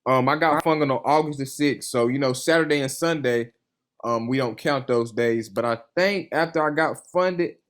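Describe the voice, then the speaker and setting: Young man telling his story casually. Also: medium pitch. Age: young adult. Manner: loose storytelling, full of "you know" and "man"; earnest and enthusiastic. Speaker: funded trader, interview guest. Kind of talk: casual conversational interview.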